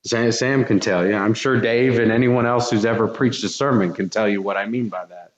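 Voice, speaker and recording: A man's voice: lowish voice, a little fast. A man preaching a sermon in a church, earnest and repeating his words as he builds intensity. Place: church sanctuary. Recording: echoey, dull church recording.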